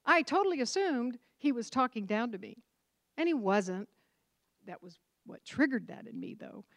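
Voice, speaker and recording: A woman co-hosting a casual talk about marriage, telling a personal story in an animated way. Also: on the high side, normal speed, dry recording. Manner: animated storyteller who acts out quoted voices. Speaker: co-host and marriage counselor. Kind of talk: casual chat.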